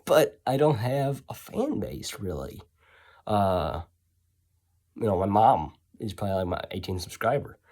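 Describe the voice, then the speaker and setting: A man tells a story in a loose, rambling style, full of sarcastic asides and self-corrections. His pitch swings widely as he talks. He sounds offhand and unscripted. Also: big pitch swings, a little slow, a little mellow. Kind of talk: casual storytelling.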